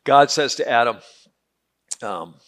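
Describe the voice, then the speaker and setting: A man's voice: mid-range voice, lively intonation, slow, noisy background. A man teaching a Bible class in a conversational, joking way, often repeating words as he restarts.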